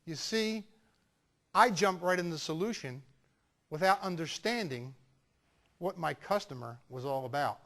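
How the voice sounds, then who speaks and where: Animated male sales trainer, high voice, swinging pitch, telling a story. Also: measured pace, gravelly, pauses often. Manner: animated storyteller, acting out dialogue. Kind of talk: storytelling talk.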